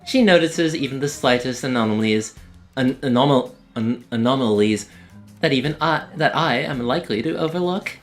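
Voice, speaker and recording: A man's voice: medium pitch, normal speed, soft background music, close to an everyday voice. A man voicing an eccentric, smug young female scientist, reading game dialogue with theatrical, formal phrasing. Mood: conspiratorial.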